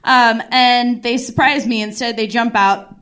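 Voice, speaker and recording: A woman doing a stand-up set, with a somewhat high voice. She tells her story in a rambling, self-deprecating way, restarting sentences and leaning on "like" as she goes. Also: fairly even intonation, measured pace, fairly bright tone. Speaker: stand-up comedian.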